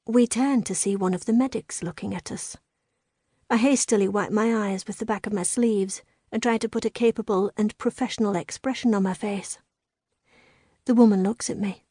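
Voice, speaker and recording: An audiobook narrator with a mellow, mid-range female voice reads a first-person novel at a moderate pace with fairly even intonation. The studio sound is clean, with no room sound.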